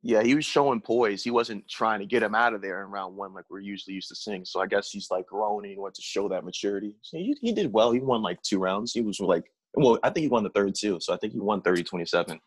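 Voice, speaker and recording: A man talking as a guest in a casual chat about fights, excitable, laughing, using lots of slang. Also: fairly low pitch, fast, hardly any pauses, breathy edge, no room sound. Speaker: podcast guest.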